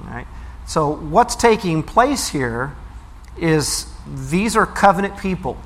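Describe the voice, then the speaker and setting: A man preaching a sermon, reading scripture aloud and then explaining it with lively emphasis. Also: fairly high pitch, slow.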